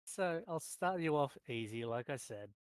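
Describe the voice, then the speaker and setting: A man's voice: mid-range voice, lively intonation, normal speed, no echo. A man chatting casually on a podcast, explaining how place names are said. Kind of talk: casual chat.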